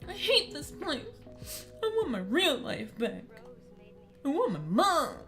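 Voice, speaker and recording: A woman plays a crying eight-year-old boy from a story game, his voice pitched way up and trembling as he sobs out every word. The tone swings wildly, breaking into wails, while faint music plays underneath. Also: wildly swooping pitch, slow, a bit bright, full character voice. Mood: sobbing. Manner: sobbing, wailing through tears.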